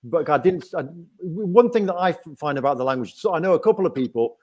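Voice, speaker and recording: With an animated, fast delivery, a Nottingham-accented English host rambles through a casual livestream chat, often asking "right?". His voice is on the high side and a little mellow.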